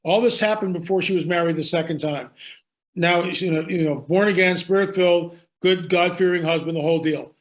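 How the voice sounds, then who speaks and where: Guy with a high voice spinning a wild story, really emphatic, keeps repeating stuff. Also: fairly quick. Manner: emphatic, dramatic, repeats phrases for effect. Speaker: guest storyteller. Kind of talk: conversational storytelling.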